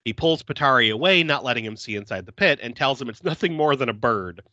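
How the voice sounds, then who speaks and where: A man hosting a podcast, recapping a film in a casual, animated way, laughing often and swearing freely. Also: mid-range voice, fast talker, dry recording, lo-fi sound. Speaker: podcast host.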